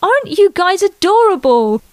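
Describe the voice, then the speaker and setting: Woman doing a playful mom voice, upbeat teasing, kinda high. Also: big pitch swings, normal speed, dry recording. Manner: playful and cheerful. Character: amused, teasing young mother.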